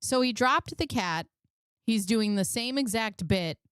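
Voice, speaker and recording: Woman reaction host, slow and unhurried delivery, smooth voice, lots of ums. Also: a little high, animated, a bit bright, no echo, studio quality, faint music behind. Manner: slow, musing, filler-heavy. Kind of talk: casual video reaction chat.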